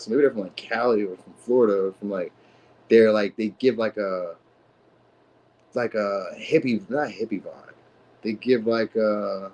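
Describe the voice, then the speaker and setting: A man's voice: lowish voice, a little mellow, highs cut off. Slangy, rambling man reading tarot live. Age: adult, a father. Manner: slangy, rambling, lots of "you know what I mean". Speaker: tarot reader streamer.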